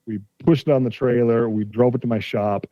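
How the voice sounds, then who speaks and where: With a warm, mid-range voice and fairly even intonation, a man in his forties briskly tells a casual story as a podcast guest, acting out a dispute's quoted exchanges. A car collector, he's recorded with no room sound, and the audio is slightly dull and dry.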